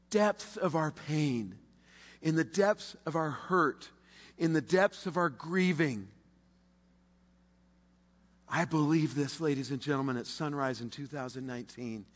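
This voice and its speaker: A man preaching a sermon, impassioned, swinging between loud declarations and hushed, drawn-out pauses. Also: medium pitch. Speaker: pastor. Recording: long reverb of a large hall.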